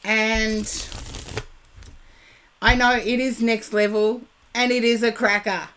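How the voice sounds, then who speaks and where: A woman's voice: fairly high pitch, flat delivery, a bit bright. An Australian woman in her fifties, a psychic chatting casually with viewers on a live stream, rambling and digressive. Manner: chatty and digressive, drawn-out words.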